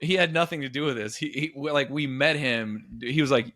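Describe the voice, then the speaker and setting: Podcast co-host, man in his 40s, animated storyteller with a mid pitch and a dry sound. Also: brisk, no room sound. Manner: animated storyteller, jumps into voices. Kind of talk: casual comedy chat.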